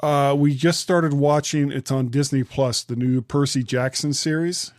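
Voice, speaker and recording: A man chats easily as a podcast host, quick to laugh. His voice sits in a middle pitch. The sound is dry and close. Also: fairly even intonation, a little mellow, no echo. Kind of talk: casual chat.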